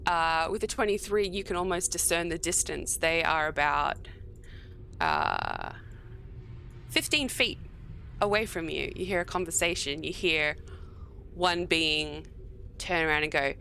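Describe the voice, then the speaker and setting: A woman running a tabletop game as game master, narrating scenes in an unhurried, descriptive way with filler pauses. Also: deep voice, expressive, creaky, sharp tone, slight background noise.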